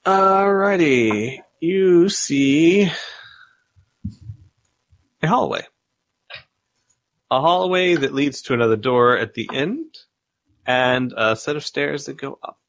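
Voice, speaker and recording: A man narrating as game master of a tabletop game, describing rooms with many pauses and fillers. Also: medium pitch, no room sound. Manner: relaxed, describes scenes with many ums and uhs.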